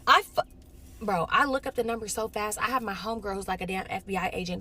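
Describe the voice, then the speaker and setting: A young woman from Los Angeles, telling a casual storytime monologue in an animated way, acting out the other people in her story. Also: a little high, fast talker, a little hiss or hum. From Los Angeles, California.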